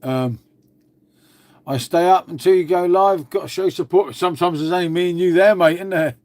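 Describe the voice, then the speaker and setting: A man's voice: high voice, normal speed, a little mellow. Rambling, matey man. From England. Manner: rambling, swears a lot, says "mate" constantly. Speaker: livestream host. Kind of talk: casual live-stream chat.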